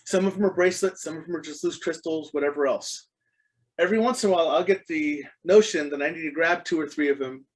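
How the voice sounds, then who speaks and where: A middle-aged man talking as a podcast guest, with a voice a bit higher than most men's. He tells his stories earnestly, circling back with ums and restarts. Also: poor audio. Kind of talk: casual interview chat.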